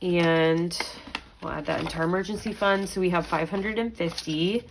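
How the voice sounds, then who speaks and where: A pregnant budgeting vlogger, young and chatty, counts her money out loud and mutters to herself now and then. Her voice sits on the low side at a normal speed, against a noisy background.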